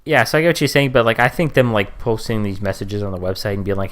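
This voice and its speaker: A man co-hosting a podcast in casual chat, animated, with his pitch jumping up when he mocks what other people say. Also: fast. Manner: animated, jumps up in pitch for mocking quotes. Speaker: podcast co-host.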